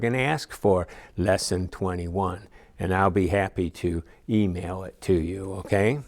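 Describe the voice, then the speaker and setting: A middle-aged man with a fairly low voice, teaching a recorded class. He talks in a relaxed, folksy way, with plenty of "you know" and small asides. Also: moderate pace. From Chicago area. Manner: conversational and folksy, with many asides and fillers.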